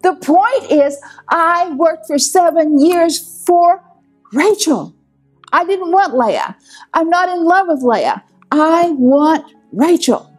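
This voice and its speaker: A woman voicing an indignant young man, a lovesick groom who protests in high, exclaiming bursts. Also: expressive, slow, faint music behind, exaggerated voice.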